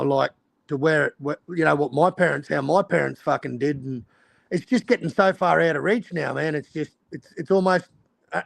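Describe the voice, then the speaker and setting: A man's voice: on the high side, gravelly, dry recording. An Australian man ranting in casual chat, swearing heavily. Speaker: stream host.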